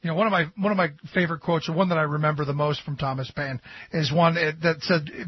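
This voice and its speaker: A radio host with a husky voice on the high side talks fast in a steady tone, interviewing a guest in an agreeable, conversational way with casual asides. The audio has a dull, dry, lo-fi radio quality.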